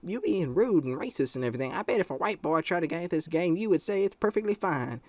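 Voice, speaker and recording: A man voicing an angry, indignant mother who complains loudly and accuses. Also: sits high, lively intonation, fast, no echo, pitched above the performer's own voice.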